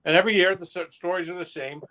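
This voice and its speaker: A man's voice: sits high, steady tone, fast, sharp tone. A man who started the podcast, chatting casually and telling stories in a laid-back way, laughing easily. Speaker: podcast founder and co-host. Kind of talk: casual round-table chat.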